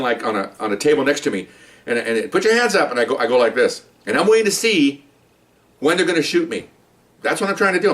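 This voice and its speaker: A middle-aged man, a police detective and supervisor, telling a casual story in a loose, rambling way, acting out scenes and peppering his talk with "okay?" and "you know.". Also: medium pitch. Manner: animated, acts out scenes with quoted voices. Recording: voice a bit distant from the mic.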